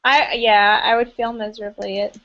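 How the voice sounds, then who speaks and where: A woman's voice: on the high side, little pitch movement, normal speed, a crowd in the background. A woman fashion publicist joining a podcast as a guest over a video call, giggly and self-deprecating. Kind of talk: casual podcast chat. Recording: dull, noisy video-call audio.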